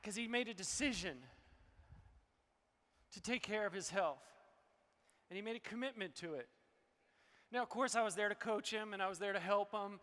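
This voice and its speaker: Man, motivational stage speaker, emotional; high, bright, forceful voice in a reverberant hall. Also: clear, resonant tone. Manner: emotional, preachy motivational delivery. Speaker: health speaker presenting to an audience. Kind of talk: live stage presentation.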